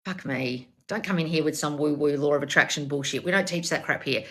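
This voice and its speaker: A woman's voice: sits low, a little fast. A woman coach on a livestream, reading viewer comments and answering bluntly, with lots of swearing and calling people darling. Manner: blunt and profane, calls listeners darling. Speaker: self-help coach.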